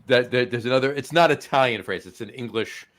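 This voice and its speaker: A man's voice: mid-range voice, brisk, fairly bright tone. Teasing male podcast co-host. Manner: teasing, repeats words while thinking. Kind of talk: casual podcast chat.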